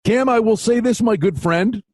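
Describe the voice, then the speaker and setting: A man co-hosting a sports betting podcast in casual chat, an excitable storyteller. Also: sits high, moderate pace, no room sound. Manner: excitable storyteller, animated retellings. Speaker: podcast co-host.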